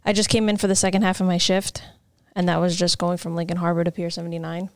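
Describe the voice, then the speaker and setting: A woman's voice: fairly low pitch, flat delivery, fast, no echo, studio quality. A woman ferry captain, recounting a river rescue in a plain, matter-of-fact way during a casual interview. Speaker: ferry captain, podcast guest.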